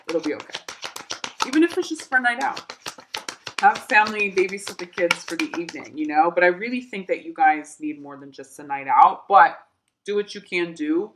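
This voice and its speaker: A woman's voice: fairly low pitch, fairly quick, background noise. A woman giving a tarot reading, chatty and reassuring, talking straight to her viewers with emphatic repeats. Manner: animated, with laughs and emphatic repeats. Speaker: tarot reader.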